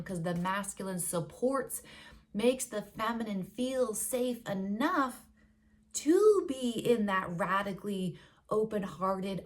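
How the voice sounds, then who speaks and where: A woman on a casual spiritual vlog who reads oracle cards, talking earnestly and gushingly, stretching out words she wants to savor, laughing softly and sometimes dropping to a whisper. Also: mid-range voice.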